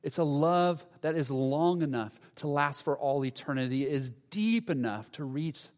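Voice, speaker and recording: A man's voice: fairly high pitch, measured pace. A man preaching a sermon in an earnest, conversational way, acting out quoted lines. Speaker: pastor. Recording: reverberant hall.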